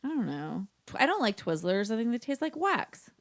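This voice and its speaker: Woman podcast co-host, slight vocal fry, jokey storyteller in loose chat. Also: on the high side, big pitch swings, fairly quick. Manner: joking, teasing, tells anecdotes. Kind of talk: casual chat.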